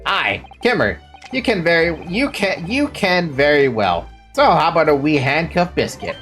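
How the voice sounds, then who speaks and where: A hearty middle-aged Scottish governor rolls his words in a thick brogue, as a woman puts him on. The voice sits low and swings freely up and down. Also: sing-song, normal speed, fairly bright tone, soft background music. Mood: jovial. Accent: put-on Scottish. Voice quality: folksy, brogue-laden.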